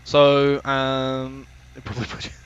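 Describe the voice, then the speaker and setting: A man's voice: medium pitch, monotone, slow, clear, resonant tone, muffled recording. A man casually commentating his own flight video on a live stream, joking, swearing and rambling with lots of fillers.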